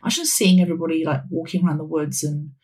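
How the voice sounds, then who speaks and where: A woman's voice: low-pitched, fairly even intonation, very fast, darkish tone. A woman around forty, hosting a wellness podcast in a chatty, rambling way with frequent laughs. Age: 40s. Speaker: podcast host. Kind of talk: casual wellness podcast chat.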